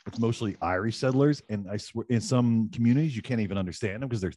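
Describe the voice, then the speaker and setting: A man's voice: lowish voice, fast talker, mellow, no echo. A middle-aged man from Newfoundland, Canada, co-hosting a casual video call chat, laughing often and poking fun at himself. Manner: laughs often, self-mocking. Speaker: co-host.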